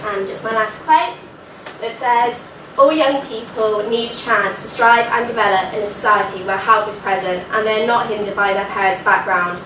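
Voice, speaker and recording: A woman's voice: mid-range voice, noisy background. Young woman presenter, nasal voice, earnest conference talk, miked from a distance in an echoey hall. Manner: earnest, informal fillers like "like" and "so". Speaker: student presenter. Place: university lecture hall. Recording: echoey hall recording from far off.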